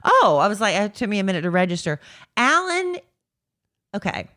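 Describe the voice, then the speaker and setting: Middle-aged woman host, chatty and insistent, lively pitch, dry close mic. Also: moderate pace, no echo. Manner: animated storyteller, chatty and insistent. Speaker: podcast host. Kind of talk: casual chat.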